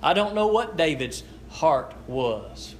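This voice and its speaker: A man's voice: a little high, sing-song, a little hiss or hum. Earnest man preaching a sermon. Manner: earnest, halting with frequent restarts; slow, deliberate scripture reading. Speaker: pastor. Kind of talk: sermon with prayer and scripture reading.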